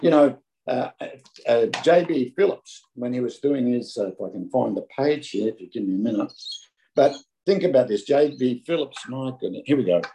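A middle-aged Australian man preaching a sermon, telling stories in a loose, conversational way and often tripping over and repeating his words. His voice is gravelly with plenty of fry. The tone is dark and mellow. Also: mid-range voice, expressive, normal speed, a little hiss or hum, low-quality recording. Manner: conversational, anecdotal, stumbling restarts.

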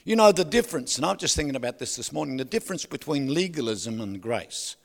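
A man preaching a sermon, loud and animated, who keeps asking the crowd for agreement and drops joking asides with laughs. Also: on the high side, fast talker, creaky. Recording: long hall reverb.

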